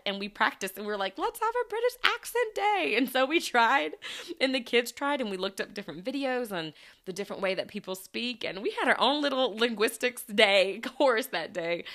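A woman's voice: fairly low pitch, fairly bright tone. A young woman chats casually on her podcast. She wanders through her thoughts with frequent restarts, and laughter bubbles up often as she talks. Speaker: podcast host and former teacher. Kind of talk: casual chat.

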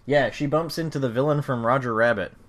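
A man's voice: medium pitch, a little fast, fairly bright tone. A man co-hosting a podcast, making wry, profane asides while reviewing a TV episode. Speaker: podcast co-host. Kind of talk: casual comedic review chat.

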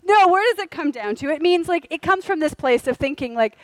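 A middle-aged woman preaching a sermon from a church stage, candid and humorous, with quieter earnest stretches. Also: high voice, expressive, a little fast, hardly any pauses, no echo, low-quality recording. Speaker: pastor.

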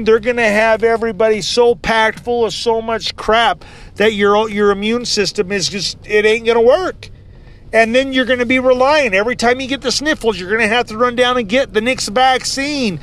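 A man's voice: sits high, a bit bright, a little hiss or hum. A man hosting a survival channel, delivering a heated, indignant vlog rant with sarcastic asides. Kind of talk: casual ranting vlog.

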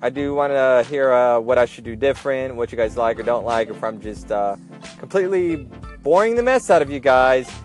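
A man's voice: mid-range voice, animated, moderate pace, faint music behind. A man hosting a casual solo podcast, chatting and joking as he repeats his advice with emphasis. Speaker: podcast host, airline gate agent.

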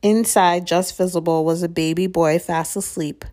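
A woman narrating a chapter of a storybook in a measured, steady way. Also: fairly low pitch. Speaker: audiobook reader.

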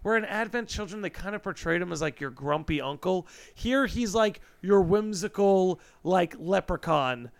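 High, gravelly male co-host with wry jokes. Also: lively intonation, moderate pace, hardly any pauses. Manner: wry, joking interjections. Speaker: podcast co-host. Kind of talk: casual chat.

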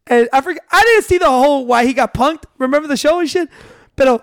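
Loud joking man, dry sound. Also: very high-pitched, quick pace, dry recording. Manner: loud, joking, profane, switches into Spanish. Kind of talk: casual banter.

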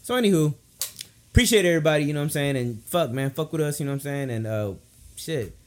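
A man's voice: on the high side, expressive, fast talker. A man hosting a casual podcast, laid-back and swearing freely, repeating "you know what I'm saying". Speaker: podcast host.

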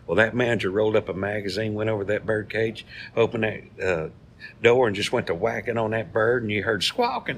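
A man's voice: lowish voice, a little fast, fairly bright tone, a little hiss or hum. A man, co-hosting a casual chat and telling jokes in a folksy way. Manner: folksy storyteller. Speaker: co-host.

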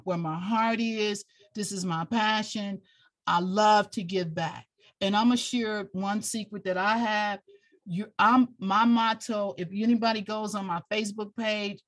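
A woman's voice: mid-range voice, fairly even intonation, a little slow. A middle-aged woman who served in the military talks as a guest with heartfelt passion. She is tearful and repeats herself as she pleads with listeners. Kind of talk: heartfelt interview talk.

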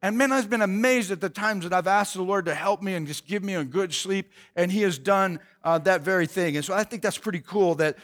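A man's voice: sits high, brisk, few pauses, a bit bright. A man preacher retelling a Bible story in a casual, slangy, conversational way with asides.

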